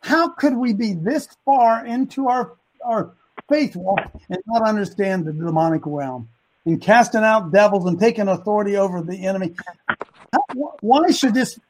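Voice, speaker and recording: Guy with a really high voice, preachy host, fires off rhetorical questions. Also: expressive, moderate pace, darkish tone, slight background noise, low-quality recording. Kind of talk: casual chat.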